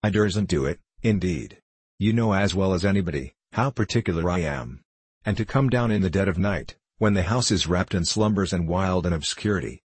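Spiteful prim young maid, vicious then falsely faint, husky low voice, as a male reader puts her on. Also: expressive, moderate pace, dry recording. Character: spiteful scrawny young maidservant, woman.

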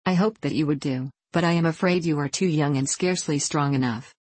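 A woman's voice: low voice, fairly quick, a little mellow, husky, no room sound. A woman reading as a stern lumber boss. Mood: serious. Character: stern middle-aged male lumber boss.

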